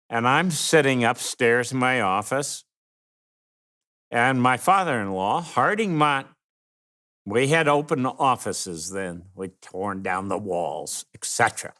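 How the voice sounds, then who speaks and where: Slow-talking older man recalling stories. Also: mid-range voice, fairly bright tone. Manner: slow, anecdotal, acts out quoted voices. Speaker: interviewee. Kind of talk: oral history storytelling.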